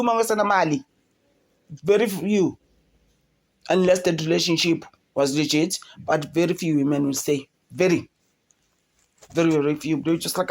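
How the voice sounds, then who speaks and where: A woman with a South African accent giving casual commentary as an entertainment vlogger. She talks in an animated way and mixes English with Zulu. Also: sits low. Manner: chatty, switches between English and Zulu; animated, mimics people in a raised voice.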